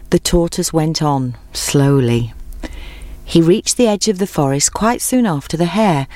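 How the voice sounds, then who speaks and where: A woman telling a children's storybook tale in a clear, gentle, measured way. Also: sits low, no echo.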